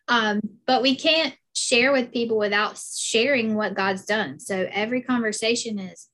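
A woman's voice: mid-range voice, fairly quick, few pauses, a bit bright. A woman from South Carolina with a Southern accent, chatting casually as an interview guest, full of fillers and "like"s.

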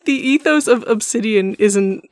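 A woman's voice: fairly high pitch, a little slow, darkish tone, no room sound, studio quality. A woman co-hosting a podcast, chatting casually and mockingly about a book, laughing often and swearing. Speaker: podcast co-host. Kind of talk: casual book-discussion chat.

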